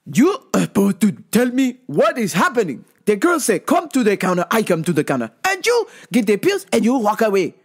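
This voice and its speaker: A woman hosting a podcast, telling a comedic story in a loud, profane way and laughing often. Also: mid-range voice, huge pitch swings, brisk, few pauses. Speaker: podcast host.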